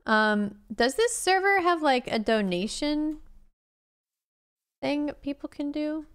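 A woman's voice: high-pitched, animated, slow, fairly bright tone. A young woman in casual gameplay commentary, chatting playfully with her viewers as she plays. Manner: chatty, playful, talks to chat while playing. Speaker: streamer.

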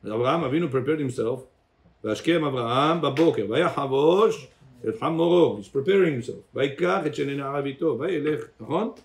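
A man's voice: medium pitch, expressive, racing. A rabbi teaching a Torah class to a congregation. He calls on listeners by name, quizzes them, and switches between English and Hebrew phrases.

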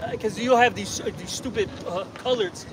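A man street preaching outdoors in a loud, confrontational way, often tagging his points with "okay?". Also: high voice, brisk. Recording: distant mic with loud street noise.

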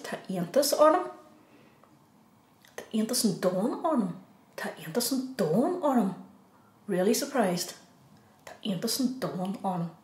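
Slow-speaking Irish woman teaching. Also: medium pitch, darkish tone. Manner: repeats each phrase slowly, then gives the English. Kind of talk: slow beginner language lesson. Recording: echoey room.

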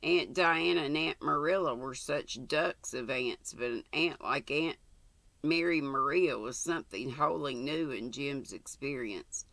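An older woman reading a novel aloud, slow and deliberate, with chatty asides. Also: a bass voice, fairly bright tone, no echo. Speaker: audiobook reader.

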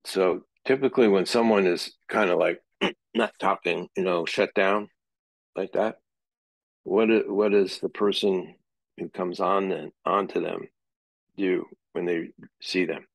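A man's voice: sits low, steady tone, measured pace, vocal fry, no echo. A middle-aged man teaching a psychology class in a conversational way, sometimes acting out example dialogue. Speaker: psychology lecturer. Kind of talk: classroom lecture.

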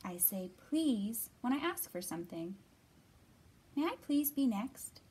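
Very clear children's storytime reader. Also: female voice, on the high side, measured pace. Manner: bright, expressive read-aloud with voiced quotes. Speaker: children's librarian. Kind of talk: storytime read-aloud for children. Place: library.

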